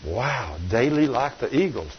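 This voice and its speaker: Fervent preacher man, husky voice. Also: medium pitch, unhurried. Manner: fervent, animated preaching with acted-out quotes. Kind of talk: sermon. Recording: muffled lo-fi recording.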